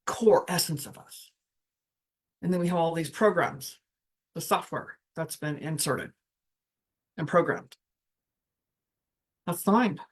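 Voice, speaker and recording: A woman talking in a relaxed, reflective way as she coaches listeners. She walks them through deep breaths and often pauses or restarts her thoughts mid-sentence. Her voice sits at an ordinary middle pitch. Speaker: spiritual coach. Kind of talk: casual livestream teaching.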